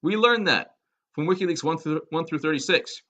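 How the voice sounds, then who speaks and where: A man's voice: on the high side, a little fast, a bit bright, muffled recording. A man giving a political commentary monologue, sarcastic and emphatic, firing off rhetorical questions.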